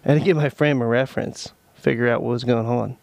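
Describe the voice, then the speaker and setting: A man's voice: medium pitch, fairly even intonation, fast talker, vocal fry, a little mellow, no echo. A man co-hosting a podcast, chatting casually, telling sarcastic stories and rambling with plenty of fillers. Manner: joking, sarcastic storytelling. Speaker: podcast co-host. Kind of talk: casual chat.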